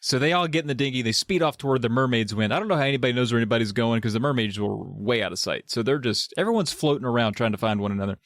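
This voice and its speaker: A man's voice: mid-range voice, very fast, hardly any pauses, fairly bright tone, dry recording. Dry-voiced man riffing through a recap. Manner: playful, riffing, reads aloud. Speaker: podcast co-host. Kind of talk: comedic book recap.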